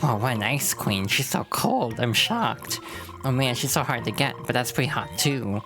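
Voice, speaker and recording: A woman's voice: very deep voice, expressive, normal speed. A woman voicing a nerdy, lovestruck male chameleon lord who stammers and gets flustered, with game music behind. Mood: smitten.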